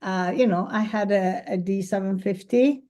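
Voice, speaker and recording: A woman photographer with a medium-pitched, dark voice talks at a normal speed through a casual presentation and Q&A. At the event space she's enthusiastic and talkative and laughs easily.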